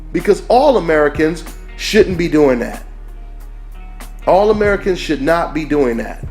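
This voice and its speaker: A man with a fairly high voice rants emphatically to his viewers, hammering the same point over and over and throwing in rhetorical questions. Soft background music plays underneath. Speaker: boxing channel host. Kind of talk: opinionated commentary rant. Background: faint background music.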